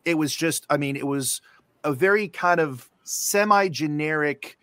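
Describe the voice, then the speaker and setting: A man's voice: fairly high pitch, measured pace, fairly bright tone, clear, resonant tone, dry recording, clean studio sound. A male voice actor on a panel, telling anecdotes in a rambling, casual way full of restarts. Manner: rambling, with many restarts and fillers.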